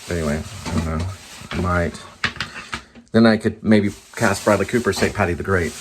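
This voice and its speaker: A man's voice: deep voice, normal speed, noisy background. A man rambling casually in a vlog, trailing off and talking to his cat as he goes. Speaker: vlogger.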